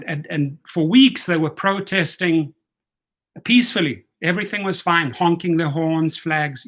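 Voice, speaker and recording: A man in his fifties hosts his own channel and tells a tense personal story straight to the camera. His voice sits a little higher than most men's. He talks bluntly and animatedly, swearing freely as he goes. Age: 50s. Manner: animated, profane, blunt retelling of a confrontation. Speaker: rideshare channel host. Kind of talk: casual story-telling vlog.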